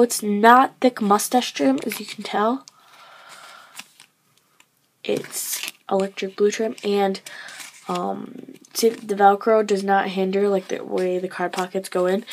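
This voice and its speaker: A woman's voice: medium pitch, a little mellow, a little hiss or hum, low-quality recording. A tired teenage girl talking casually as she shows off her handmade duct tape wallets, chatty and full of fillers. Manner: chatty, filler-heavy, trailing off. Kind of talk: casual show-and-tell vlog.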